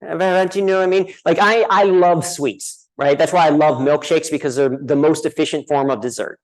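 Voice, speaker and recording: A man from the United States with a somewhat high voice gives a conference keynote. He tells a self-deprecating story, checks in with the crowd and keeps tossing out "right?" as he goes. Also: moderate pace, low-quality recording. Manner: addresses a live audience directly. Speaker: conference speaker. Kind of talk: humorous keynote speech. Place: conference hall.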